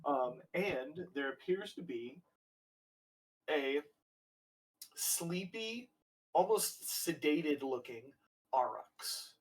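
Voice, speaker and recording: A man's voice: a little high, animated, drawn-out words, long pauses. A man narrating as game master of a tabletop game, rambling and casual, with lots of fillers and swearing. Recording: voice a bit distant from the mic.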